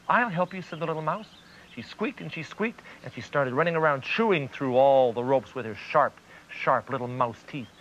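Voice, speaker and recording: Bright-voiced gentle children's storyteller, man. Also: medium pitch, slight background noise. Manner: gentle, animated storyteller's delivery. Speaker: children's TV host. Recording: dull lo-fi 1990s TV recording.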